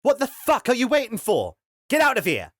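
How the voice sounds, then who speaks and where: A man voicing a fierce, foul-mouthed young woman fighter who shouts roughly and scornfully. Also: very high-pitched, huge pitch swings, fairly quick, no room sound, studio quality, pitched above the performer's own voice, full character voice. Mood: yelling.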